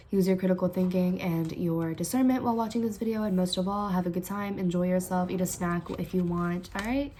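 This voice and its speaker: A woman's voice: mid-range voice, a little mellow, slight background noise. Giggly, chatty young woman tarot reader. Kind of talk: casual tarot reading to camera.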